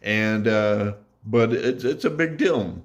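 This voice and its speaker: A man talking to camera in an earnest, reflective way, pausing and correcting himself as he goes. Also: fairly low pitch, animated, muffled recording. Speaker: YouTube vlogger. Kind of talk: casual talk to camera.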